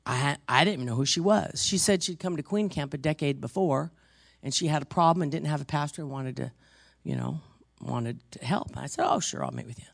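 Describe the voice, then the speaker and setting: A pastor preaching a sermon in a conversational, animated storytelling manner, self-deprecating and lively. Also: mid-range voice, a little fast, gravelly, no room sound, studio quality.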